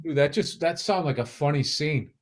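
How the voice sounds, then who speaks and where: Man, Boston accent, middle-aged, higher-pitched, profane, heated, casual podcast chat. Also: moderate pace. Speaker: podcast co-host.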